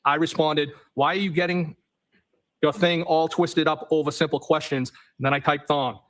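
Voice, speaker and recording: A man on the witness stand, reading text messages aloud in a matter-of-fact way and saying the punctuation marks out loud. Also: fairly high pitch, fairly even intonation, normal speed, rough recording. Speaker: trial witness.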